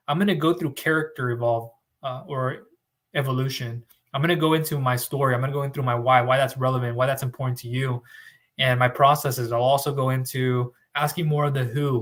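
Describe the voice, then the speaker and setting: A man's voice: mid-range voice, a bit bright. A man hosting a casual live stream, talking in a rambling, emphatic way and reading viewer comments aloud. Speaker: host. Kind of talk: casual livestream talk to viewers.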